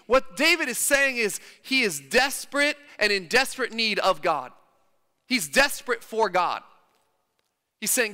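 A man's voice: high voice, lively intonation, measured pace, pushed and bright. A man preaching a sermon in a church, emphatic and repeating his phrases for stress. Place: church hall. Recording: long church-hall reverb.

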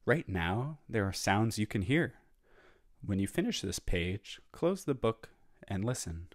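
A man with a fairly low voice reads a children's picture book aloud as a music teacher would. He voices the sounds in the story with his mouth between plain lines. The recording is dry and close. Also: big pitch swings, a little slow, dry recording. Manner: plain storybook reading that acts out sound effects. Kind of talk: children's read-aloud and activity.

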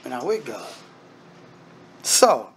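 A man's voice: medium pitch, sing-song, slow, slight background noise. A man preaching a sermon as minister, emphatic and repetitive, firing rhetorical questions and calling the congregation brethren. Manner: addresses listeners directly as brethren.

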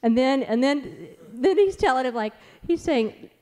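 A woman in her forties tells family stories to a conference audience. Her voice is a touch high for a woman, and she talks in a chatty, animated way full of asides. Her delivery runs loose and conversational. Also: measured pace. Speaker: conference speaker. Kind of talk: storytelling talk.

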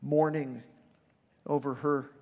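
A man preaching a sermon as pastor, earnest, dropping soft for quoted lines and building to urgent appeals. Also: mid-range voice, level tone, slow, dull audio. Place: church sanctuary. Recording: long reverb of a large hall.

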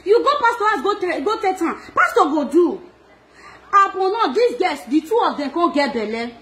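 Nigerian Pidgin woman, high voice, animated gossip vlogger, laughs and scolds often. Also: moderate pace. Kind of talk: casual gossip monologue.

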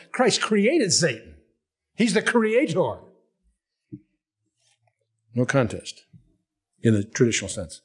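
An older male Bible teacher with a fairly high, slightly husky voice. He works through the verses in a relaxed, conversational way and acts out the scenes. His pitch swings widely as he talks.

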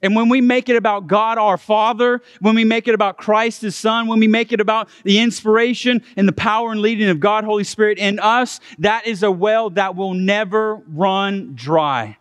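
A man's voice: high-pitched, moderate pace, hardly any pauses, fairly bright tone, clear, resonant tone, no echo, long reverb tail. A man preaching a sermon as a guest pastor from a church stage, in an earnest, heartfelt and conversational way.

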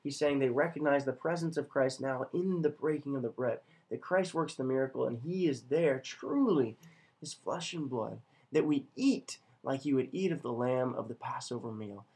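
A man's voice: mid-range voice, normal speed, darkish tone, breathy edge. A man teaching a scripture lesson in an emphatic way, often checking in with "right?". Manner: emphatic, keeps asking "right?". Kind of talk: catechism lecture.

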